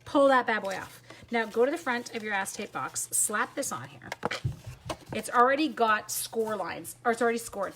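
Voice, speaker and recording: A woman hosting a live papercraft tutorial, bubbly and chatty, quick to laugh while she answers viewers. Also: medium pitch, a bit bright, a little hiss or hum. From Canada. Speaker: papercraft demonstrator and teacher.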